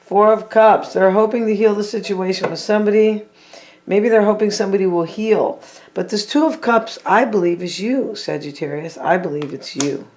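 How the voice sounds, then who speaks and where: A casual tarot reader talks straight to the viewers, musing over each card as it turns up. The voice sits at an ordinary middle pitch, loose and chatty, often circling back with "I feel like". Now and then it slips in teasing little jokes for the audience. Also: moderate pace, darkish tone. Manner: chatty, thinking aloud, repeats and hedges with "I feel like"; playful, teasing asides to the audience.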